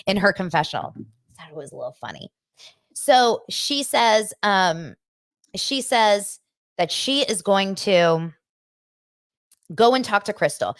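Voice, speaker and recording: A woman hosting a casual podcast, chatting in an animated way and breaking into quick imitations. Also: medium pitch, dry recording, studio quality. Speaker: podcast host recapping reality TV. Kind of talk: casual chat.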